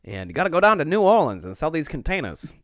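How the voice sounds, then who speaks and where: A man's voice: on the high side, huge pitch swings, quick pace, a bit bright, no echo, clean studio sound. A man chatting casually and jokingly, now and then slipping into silly voices. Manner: jokey, slips into silly put-on voices. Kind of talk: casual comedic chat.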